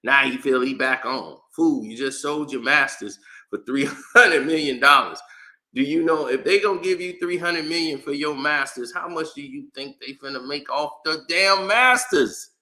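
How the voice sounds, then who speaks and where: A man holds forth in a loose, unscripted rant. His voice is very bright and sits a little high for a man. He talks with exasperated energy, slangy and quick to laugh. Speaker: commentary channel host. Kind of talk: casual opinion rant.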